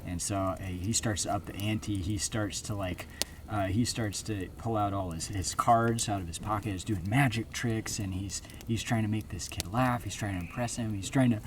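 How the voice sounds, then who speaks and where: A man's voice: lowish voice, moderate pace, recorded from a distance. A man telling an improvised story outdoors at a campfire, rambling with many fillers and restarts. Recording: outdoor campground noise.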